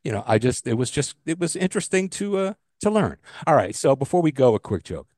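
A middle-aged man swapping stories and jokes on a casual podcast, his pitch rising and falling a lot as he goes. He talks in a loose, joking way and swears now and then. The voice sits close and dry with no room sound. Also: very animated, fairly quick, a little mellow, dry recording. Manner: loose storyteller, joke-telling, swears casually. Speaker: podcast co-host. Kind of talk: casual chat.

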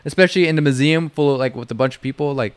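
A quick-talking man with a smooth, crisp voice and a fairly high pitch. He swears freely and thinks aloud in a casual podcast chat, caught dry and close with no room sound. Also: no echo. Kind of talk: casual chat reviewing a TV show.

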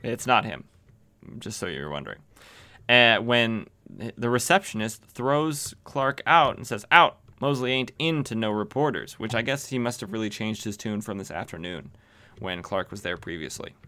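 A man's voice: on the low side, lively intonation, moderate pace, bright, forceful tone. A man casually retelling an old comic story, with rambling, joking asides and lots of fillers. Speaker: podcast host retelling comics.

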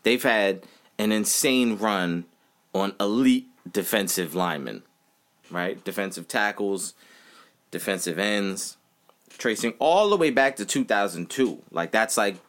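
Animated man hosting a sports rant. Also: on the low side, unhurried. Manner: animated, repeats himself, says y'all. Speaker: podcast host. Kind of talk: casual solo sports rant.

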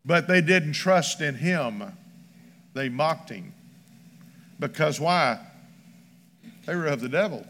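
Emphatic pastor preaching in a reverberant hall. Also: male voice, on the high side, expressive, slow pace, pauses often, fairly bright tone, a little hiss or hum. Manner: emphatic, rhythmic preaching with scripture read aloud. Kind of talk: sermon. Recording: long church hall reverb.

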